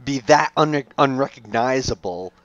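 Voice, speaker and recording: A man's voice: mid-range voice, expressive, normal speed, a bit bright, no room sound. Rambling man on a dull, dry mic. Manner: rambling, lots of "uh" and "you know". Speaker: podcast co-host. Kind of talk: casual fan discussion.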